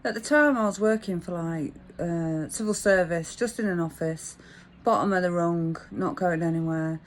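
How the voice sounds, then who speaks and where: A woman's voice: fairly low pitch, normal speed, slight background noise. A woman, telling a rambling, frank anecdote in a chatty way. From English Midlands. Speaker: vlogger. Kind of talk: casual storytelling monologue.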